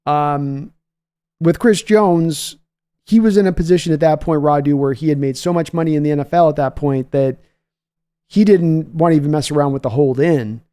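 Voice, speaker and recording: A man's voice: fairly high pitch, moderate pace, dark tone, clear, resonant tone. A man hosting a live sports talk stream, chatting loosely, reading viewer messages and often restarting his sentences. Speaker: sports podcast host.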